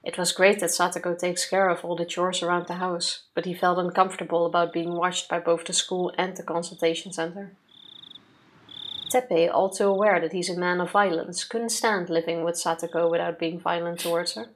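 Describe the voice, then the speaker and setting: A woman co-hosting a let's play, reading the visual novel's text aloud in a steady, even way, with casual asides to her partner. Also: on the low side, a little fast. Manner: steady, even reading pace with occasional yawns.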